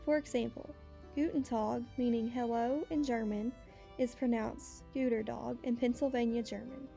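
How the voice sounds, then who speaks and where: A woman narrating a scripted class presentation, reading steadily and slowing down for example words. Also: fairly high pitch, steady tone, gravelly, mellow, soft background music. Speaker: student presenter.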